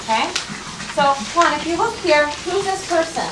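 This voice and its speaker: A woman with an extremely high, expressive voice talks at normal speed to her first graders. She's patient and encouraging, sounding out reading one word at a time, in distant, roomy classroom audio with noise behind her.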